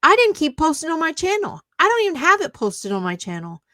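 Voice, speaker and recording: A woman's voice: high-pitched, wildly swooping pitch, brisk, sharp tone, no room sound, studio quality. A woman YouTuber ranting back at online commenters, sarcastic and indignant, mocking them at length.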